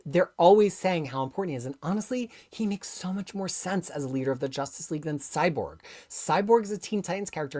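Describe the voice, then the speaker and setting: A woman hosting a live comics stream in a lowish voice that rises and falls with lively, animated swings. She speaks with passion and bursts into loud, emphatic peaks. Between them she drops into quiet, offhand asides as she reads viewer comments. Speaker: comics livestream host.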